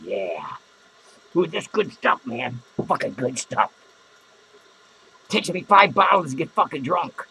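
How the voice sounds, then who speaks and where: A man doing a gravelly drunk clown. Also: fairly high pitch, sharp tone, a little hiss or hum, exaggerated voice, rough recording. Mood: indignant ranting. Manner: slurring, rambling, swearing constantly. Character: drunken foul-mouthed adult male clown, hot-tempered. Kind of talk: improvised character comedy monologue.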